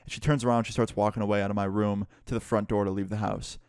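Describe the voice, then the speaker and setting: A man's voice: on the low side, level tone, fast talker, a little mellow, clean tone, no room sound, studio quality. A young man casually retelling a personal story for his channel, candid and cursing freely. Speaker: YouTuber.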